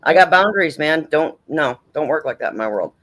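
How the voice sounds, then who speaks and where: A man's voice: fairly high pitch, expressive, fairly quick, fairly bright tone. Blunt, profane man hosting a livestream. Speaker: livestream host. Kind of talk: casual livestream chat.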